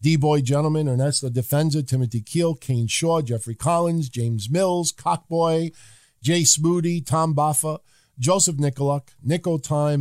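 A man co-hosting a podcast, reading listener names and giving calm, measured opinions in casual chat. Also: a little high, no echo, clean studio sound. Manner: calm, measured, occasionally swearing. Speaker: co-host.

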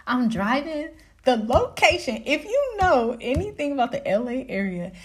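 A young woman hosting her podcast, telling a story in casual chat, animated, laughing often and swearing freely. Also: high-pitched, moderate pace. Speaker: podcast host.

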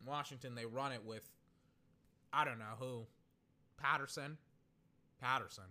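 A young man giving casual live football commentary, swinging from muttered play-by-play to loud, exasperated rants. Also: medium pitch, unhurried. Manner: excitable, ranting, swings between muttered play-by-play and loud outbursts. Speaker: sports commentator.

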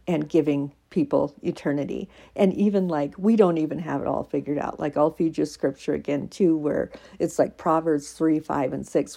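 Low gravelly earnest woman. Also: mellow. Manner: earnest, emotional, laughs often, many fillers. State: teary. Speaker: faith podcaster. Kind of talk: casual devotional talk.

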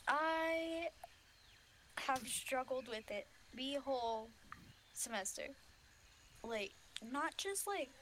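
A woman's voice: on the high side, fairly bright tone, slight background noise, rough recording. A young woman co-hosting a casual podcast, telling a story with lots of fillers. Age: young adult. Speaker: podcast co-host. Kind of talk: casual chat.

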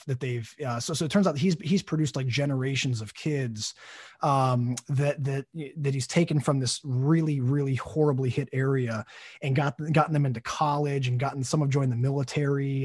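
A man's voice: mid-range voice, no echo, studio quality. A man in his thirties, hosting a podcast and telling a story casually, with many fillers and restarts. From United States. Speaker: podcast host.

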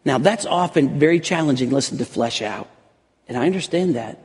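A man in his forties preaching a sermon as pastor, swinging from loud emphatic peaks to hushed soft lines and often repeating words. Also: medium pitch, lively intonation, fairly quick. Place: church sanctuary. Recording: long reverb of a large hall.

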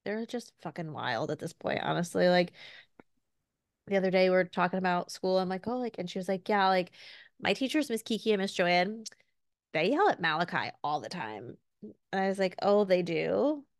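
A woman's voice: lowish voice, animated, moderate pace, dry recording, clean studio sound. A woman in her thirties co-hosting a podcast, chatting casually with lots of fillers and acting out her toddler's lines. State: recovering from illness. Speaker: podcast co-host. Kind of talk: casual chat.

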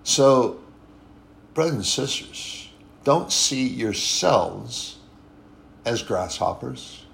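A man with a gravelly, fry-edged voice delivers a sermon in a loose, conversational manner. He circles back on his points, repeating phrases for emphasis, and stops now and then to correct himself. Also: medium pitch, lively intonation, drawn-out words, a bit bright. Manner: conversational, repetitive and emphatic, with frequent restarts and apologies. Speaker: preacher.

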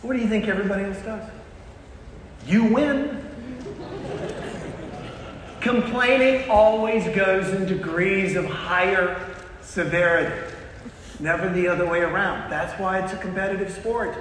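A man giving a motivational keynote talk to a live audience, telling stories with punchy pauses and quizzing the crowd. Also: high-pitched, fairly even intonation, a bit bright, distant mic, slight background noise. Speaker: motivational speaker. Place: large hall with an audience. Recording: echoey hall, long reverb, faint ambience.

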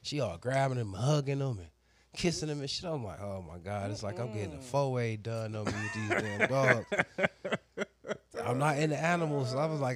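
A man who works as a barber relays a crude story in casual, slang-filled talk, acting out quotes and growing loud and animated at moments. His voice is medium-pitched and fairly quick.

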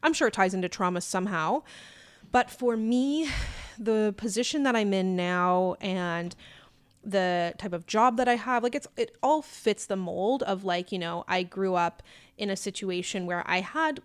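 A woman's voice: medium pitch, unhurried, smooth, no room sound. A young woman co-hosting a podcast, talking things through in a reflective, conversational way with plenty of fillers. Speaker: podcast co-host. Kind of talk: casual chat.

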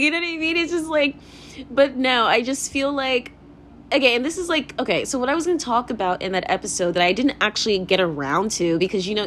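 A woman's voice: medium pitch, slight background noise. A young woman hosting her own podcast, rambling in a casual confessional rant, swearing freely and laughing often. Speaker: podcast host.

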